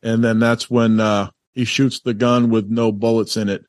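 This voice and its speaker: A man's voice: mid-range voice, flat delivery, moderate pace, no room sound, clean studio sound. A male podcast co-host in casual movie chat, rambling and laughing easily.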